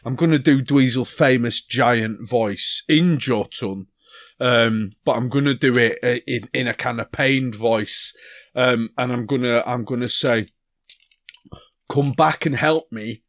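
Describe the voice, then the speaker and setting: A man's voice: medium pitch, a little slow, no echo. Man casually explaining a game move, dry sound. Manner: casual, explains his plans with fillers. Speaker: player. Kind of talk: tabletop game play.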